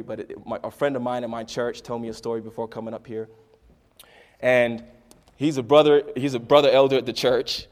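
A man preaching a sermon, swinging between quiet, intimate lines and loud, dramatic bursts as he acts out a story. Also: medium pitch. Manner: dramatic swings from soft to loud, acting out voices.

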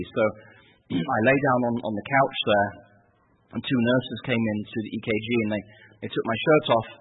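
An Englishman telling a personal story in a halting, vivid way, with many fillers and restarts. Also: lowish voice, husky. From England. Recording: tinny phone-like radio sound.

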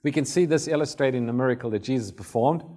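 A man's voice: mid-range voice, quick pace, dark tone. A man preaching a sermon in a conversational manner, acting out Bible scenes as he tells them.

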